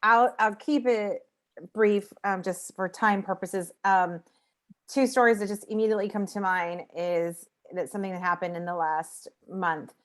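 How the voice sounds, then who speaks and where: A woman's voice: medium pitch, normal speed. A woman speaking as a nonprofit founder on a video call panel, telling stories in an earnest, reflective way.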